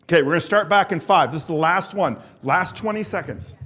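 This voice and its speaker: A man's voice: on the high side, brisk, a bit bright, husky. A middle-aged man presenting at a symposium, leading the audience through an exercise drill, coaxing them along and calling out countdowns with enthusiasm. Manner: enthusiastic, encouraging, coaxes the audience; calls out countdowns and cues to the group.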